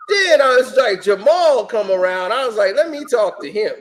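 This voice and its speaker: A man's voice: very high voice, expressive, fairly quick, few pauses. A man telling stories in casual chat, acting out quotes in shifting voices and laughing often. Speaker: podcast guest telling stories.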